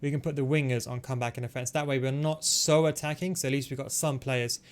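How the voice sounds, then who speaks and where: A man giving fast, analytical play-by-play commentary over his own football video game match, explaining tactics with frequent fillers. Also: mid-range voice, steady tone, clean tone. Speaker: gaming tutorial host. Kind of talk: gameplay commentary.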